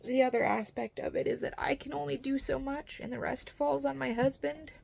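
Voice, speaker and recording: A woman's voice: sits high, steady tone, brisk, creaky, darkish tone, a little hiss or hum. A young woman vlogging about her small farm, talking in a tired, tearful, rambling way as she cries. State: crying. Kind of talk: candid vlog monologue.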